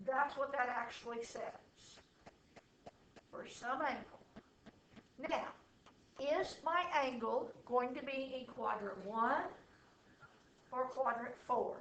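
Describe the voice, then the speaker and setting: A woman teaching math to a class, explaining slowly and checking often that students follow. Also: fairly high pitch, fairly bright tone, a little hiss or hum. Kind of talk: classroom lecture. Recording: echoey room from far off.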